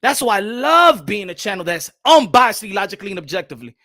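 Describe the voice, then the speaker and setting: A very high-voiced man runs a boxing commentary stream, talking with bright, forceful energy. He hops between English and Spanish and hammers his points home by repeating them. The sound is dry and close. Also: sing-song, a little fast, no room sound. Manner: repeats phrases for emphasis. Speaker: boxing channel host. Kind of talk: livestream commentary.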